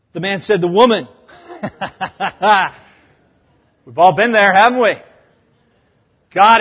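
A man's voice: sits high, breathy edge. A man in his thirties preaching a sermon, telling stories and acting out voices with humor. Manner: animated storytelling, acting out quoted voices with humor. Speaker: pastor. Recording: dull, echoey hall sound.

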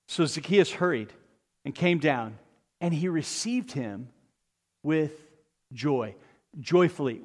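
A man preaching a sermon, retelling a story with lively asides to the congregation. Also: on the high side, long reverb tail.

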